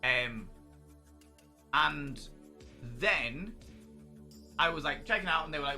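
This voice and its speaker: Bright, animated man telling stories. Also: fairly high pitch, slow, long pauses, soft background music. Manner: animated storyteller, swears freely, bursts into laughter. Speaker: streamer host. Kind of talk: casual livestream chat.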